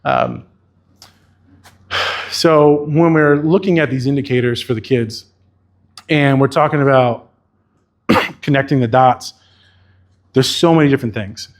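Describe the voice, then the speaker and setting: A man speaks at a conference keynote in a casual, candid way, swearing freely as he talks. His voice sits in an ordinary middle pitch. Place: conference venue.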